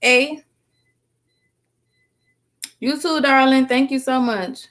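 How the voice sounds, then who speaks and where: A woman's voice: high-pitched, steady tone, slow, fairly bright tone. A tired woman chatting casually with viewers on a live stream, eating snacks as she talks and calling them girl and sis. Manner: eating snacks while talking. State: tired after work.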